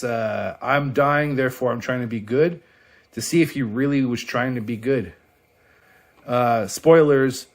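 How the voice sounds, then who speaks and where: A man casually reviewing a comic book on his vlog, excitable and profane, laughing often as he flips through pages. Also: medium pitch.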